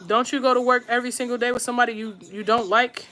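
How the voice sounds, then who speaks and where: This is a woman streamer chatting with her viewers while she does her makeup. Her voice is bright and forceful and sits a touch high. She talks bluntly and slangily, straight to her audience, and repeats things for emphasis. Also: fairly even intonation, fast talker, faint music behind. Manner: slangy, addresses viewers directly. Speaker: YouTube streamer and podcaster. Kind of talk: casual advice chat while doing makeup.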